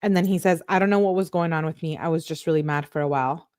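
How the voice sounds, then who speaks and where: Female commentator, lower register, dry recording; reads texts plainly, exasperated asides. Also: quick pace, no echo. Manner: reads both sides of the texts in a flat reading tone, breaks in with exasperated asides. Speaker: true crime commentator on a livestream. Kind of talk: reading out text messages with commentary.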